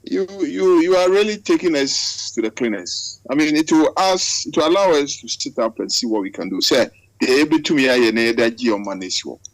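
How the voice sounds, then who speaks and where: A man's voice: medium pitch, expressive, a little fast, dry recording, rough recording. A man with a Ghanaian English accent talking heatedly on a video call, repeating himself and calling the other man by name. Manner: impassioned, repetitive, keeps addressing the other man. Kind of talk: online video call discussion.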